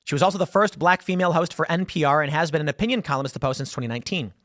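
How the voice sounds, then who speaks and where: A political commentary host delivers a solo segment, talking straight to his audience in a loose, conversational storytelling style and acting out quick impressions of the people he quotes. His voice sits a little higher than most men's and sounds a bit bright. The recording is close and dry.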